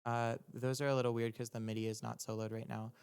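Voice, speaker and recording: A young man, a music producer, talking casually on a livestream as he breaks down his own track, rambling and halting with lots of ums, restarts and casual swearing. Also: mid-range voice, flat delivery, vocal fry, a little mellow, clean tone. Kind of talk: casual explanatory livestream talk.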